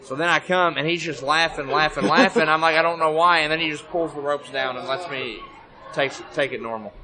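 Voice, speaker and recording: A man's voice: on the high side, a little fast, a loud crowd, low-quality recording. A man guesting on a podcast at a convention, swearing a lot and joking as he tells stories. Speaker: pro wrestler guest. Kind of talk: casual interview. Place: busy convention hall.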